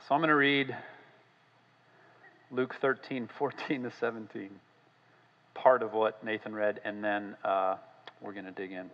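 A male pastor preaching a sermon, conversational with many fillers, rising in emphasis on scripture and ending in a quiet, halting prayer. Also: on the low side, level tone, long reverb tail, dull audio.

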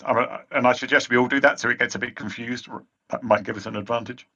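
A man playing a tabletop game, planning tactics out loud. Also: medium pitch, steady tone, quick pace, vocal fry. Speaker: player. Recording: dull lo-fi sound.

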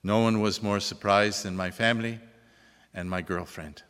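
An older man, a priest, giving a relaxed, joking talk to an audience. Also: fairly low pitch, normal speed. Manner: relaxed, joking, chuckles at his own jokes. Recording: long hall reverb.

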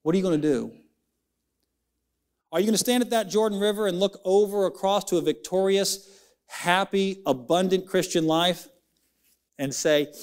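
A young adult man preaching a sermon in a church, rising and falling dramatically, stretching words out for emphasis. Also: smooth. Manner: preaching with big swings of pitch, dramatic slowdowns. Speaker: pastor. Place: church sanctuary.

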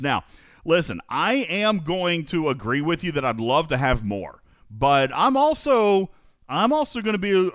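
A man hosting a live gaming podcast, energetic and emphatic, often repeating phrases for effect and talking directly to his co-host and listeners. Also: a little high, no echo, clean studio sound.

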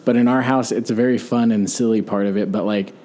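A man's voice: lowish voice, steady tone, fast, mellow. A father of five as a podcast guest, talking reflectively and thinking aloud about parenting. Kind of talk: casual podcast chat.

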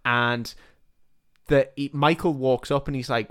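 A man's voice: medium pitch, steady tone, unhurried, fairly bright tone, clear, resonant tone. A man co-hosting a podcast, chatting casually and retelling a film with lots of laughter. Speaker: podcast co-host. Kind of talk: casual chat.

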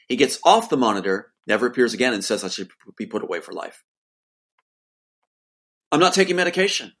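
A man's voice: mid-range voice, big pitch swings, fairly quick, pushed and bright. A man, the guest, telling an emotional personal account in an insistent voice that rises to pleading outbursts.

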